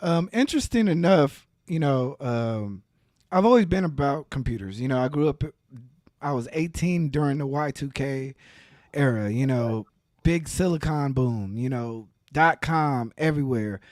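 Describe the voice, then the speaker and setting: Fortyish man; relaxed guest recorded dry and close. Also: mid-range voice, a little slow, no room sound. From Texas. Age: 40s. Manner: relaxed, laughs easily, talks with fillers. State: slightly hoarse from allergies. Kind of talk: casual interview chat.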